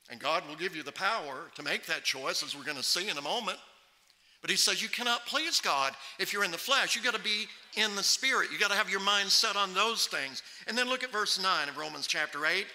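A man preaching a sermon at a microphone in a church, emphatic and slowing right down to stress scripture. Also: high voice, sharp tone. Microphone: microphone on a stand. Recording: long hall reverb from a church.

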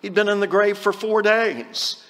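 A man's voice: high voice, fairly even intonation, a little slow, fairly bright tone, long reverb tail. A man preaching a conversational sermon, reading scripture and acting out short quotes.

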